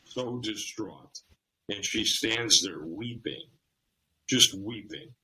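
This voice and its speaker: A man with a fairly low voice that still sounds strikingly bright and forceful. He talks in an easygoing, conversational way. He often slips into storytelling and acts out little scenes. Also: slow pace, husky, poor audio. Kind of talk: casual conversation.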